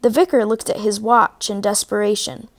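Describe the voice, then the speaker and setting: A woman reading a children's storybook aloud in a clear, even manner. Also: medium pitch, moderate pace. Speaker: storybook reader.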